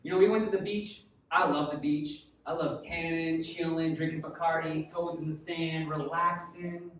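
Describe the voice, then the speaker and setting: A man doing a stand-up comedy set, dry setups that build to shouted punchlines. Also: a little high, steady tone, moderate pace, slight background noise. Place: comedy club stage. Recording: echoey room from far off.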